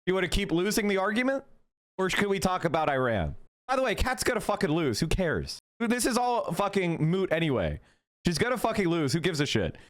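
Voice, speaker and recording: Combative profane man ranting to chat. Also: high voice. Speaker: political streamer. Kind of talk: live-stream rant to chat.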